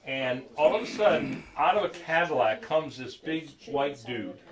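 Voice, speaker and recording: A man telling a story to a group in a halting, conversational way, full of fillers, acting out the quoted lines. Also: on the high side, expressive, low-quality recording. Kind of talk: casual spoken storytelling.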